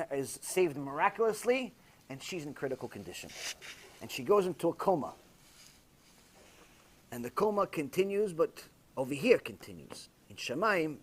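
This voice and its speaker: A man, a rabbi, telling a story in a sermon, acting out the people he quotes with big swings from loud cries to hushed tones. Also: a little high. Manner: animated, acting out quoted voices with big swings from shouting to near-whisper.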